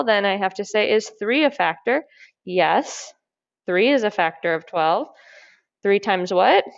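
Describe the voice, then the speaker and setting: A woman teacher with a gravelly edge to her voice walks students through a math problem, asking herself questions and praising each step in an upbeat, encouraging way. The sound is dry and a little dull, like a modest lo-fi lesson recording. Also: medium pitch, no echo.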